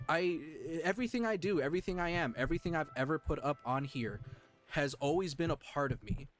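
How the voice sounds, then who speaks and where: A man streaming live, talking earnestly and emotionally to his chat, with halting restarts. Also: on the high side, faint music behind.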